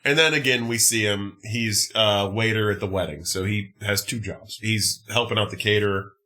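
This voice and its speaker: A man hosting a casual movie podcast, recapping a film in an animated, profane, exasperated way. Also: on the low side, normal speed. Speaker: podcast host.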